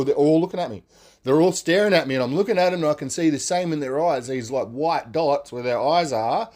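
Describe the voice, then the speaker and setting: A man speaks briskly in a medium-pitched voice on a podcast, telling an animated, laid-back story full of swearing, tacking "man" and "right?" onto his lines.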